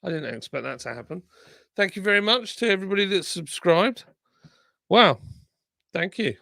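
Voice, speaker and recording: A man's voice: sits high, big pitch swings, a little fast, vocal fry, sharp tone, dry recording, clean studio sound. A man hosting a live stream, chatting casually and reading viewer comments aloud while nursing a sore tongue. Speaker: livestream host.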